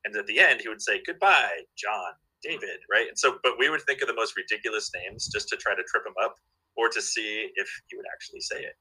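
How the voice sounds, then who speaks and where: Husky-voiced man, bright and eager. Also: lowish voice, steady tone, quick pace, low-quality recording. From Southern California. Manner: enthusiastic storyteller, many fillers and restarts. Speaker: guest. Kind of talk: casual chat.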